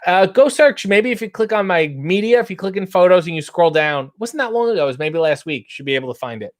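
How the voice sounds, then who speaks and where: A man in his thirties, hosting a casual chat and reading out viewer comments with wry, animated delivery. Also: high voice, fast talker. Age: 30s. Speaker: host.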